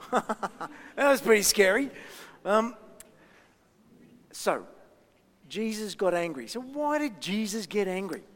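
Pastor, male, light high voice, rambling storyteller with ums, long church reverb. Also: big pitch swings. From Australia. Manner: chatty storytelling, frequent ums and pauses. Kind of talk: children's talk and sermon.

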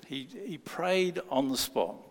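A man's voice: mid-range voice, expressive, slow pace. A man preaching a sermon, telling a story and acting out the people in it. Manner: storytelling, acts out quoted voices. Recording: long hall reverb.

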